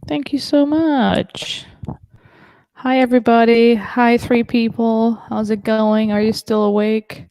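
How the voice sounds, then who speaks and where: A woman from Germany performs a stand-up set over a video call, talking in a chatty, self-deprecating way full of fillers. Her voice has a gravelly fry at the edges. The sound is dry and close. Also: fairly high pitch, steady tone, slow, hardly any pauses, mellow, dry recording. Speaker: stand-up comedian.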